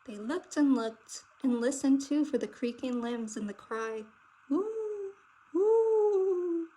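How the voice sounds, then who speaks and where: A woman narrating a children's picture book aloud with expressive, dramatic delivery. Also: on the high side, a little slow, low-quality recording. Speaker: storybook reader.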